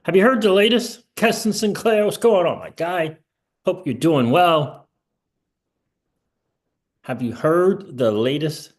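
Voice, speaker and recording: A man hosting a crypto vlog, ranting in an excitable way, repeating his questions and laughing between lines. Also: a little high, slow pace, pauses often. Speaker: crypto channel host.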